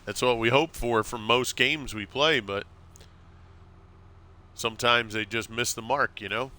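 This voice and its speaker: A middle-aged man chatting casually on a gameplay stream, telling stories in a lively way. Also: mid-range voice, measured pace. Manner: animated storyteller, acts out quotes with laughs.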